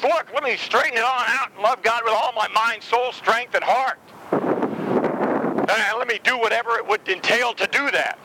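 A man in his thirties preaching a sermon with animated, emphatic delivery, slipping into quoted voices. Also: very high-pitched, noisy background.

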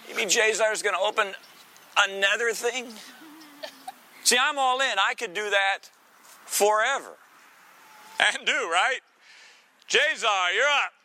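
Bright, high-voiced man preaching playfully. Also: a little hiss or hum. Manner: teasing, conversational preaching with quick asides. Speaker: pastor. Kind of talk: sermon.

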